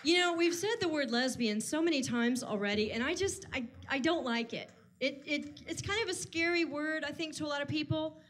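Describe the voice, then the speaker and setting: A woman's voice: high-pitched, a little fast, fairly bright tone. A woman hosting a live stand-up show, teasing the crowd with playful banter before bringing up the next comic. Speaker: comedy show host. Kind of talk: stand-up comedy emcee. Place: live comedy stage.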